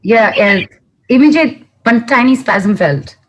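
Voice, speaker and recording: A woman's voice: fairly high pitch, lively intonation, measured pace, a little hiss or hum. A woman taking part in a video-call workshop, repeating phrases after the leader and giggling. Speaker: workshop participant. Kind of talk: repeating phrases in a group exercise.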